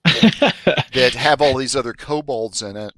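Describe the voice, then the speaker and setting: A man narrating a tabletop game as dungeon master, in a relaxed, halting way with many fillers. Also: medium pitch, no echo.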